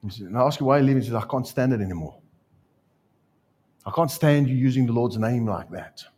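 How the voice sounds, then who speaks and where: A man with a South African accent preaching a sermon, telling stories with jokes and lively asides. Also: medium pitch, a little fast, slightly rough. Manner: storytelling, joking, animated asides. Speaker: pastor.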